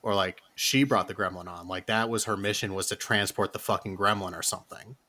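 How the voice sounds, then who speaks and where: A man's voice: lowish voice, steady tone, a little fast, bright, forceful tone. A man co-hosting a podcast in a casual film discussion, blunt and heavy on swearing, often restarting his sentences. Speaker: podcast co-host.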